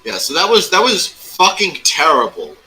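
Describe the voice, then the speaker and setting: A man's voice: on the high side, huge pitch swings, normal speed, pushed and bright, poor audio. A man in casual chat, rambling through an old tabletop game story and swearing often. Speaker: former game master recounting a campaign.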